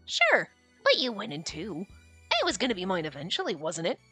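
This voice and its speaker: A woman reading a calm, wry, teasing young man's lines aloud in a lowered, matter-of-fact voice. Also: fairly quick, slightly rough, no room sound, soft background music, full character voice. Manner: low, even, matter-of-fact.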